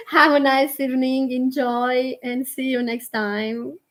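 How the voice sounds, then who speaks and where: A woman born in Romania, with a high, light voice, leads a group prayer on a livestream as a spiritual teacher. She speaks English as a second language and talks in a chatty, gentle way, often breaking into laughter. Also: little pitch movement, measured pace.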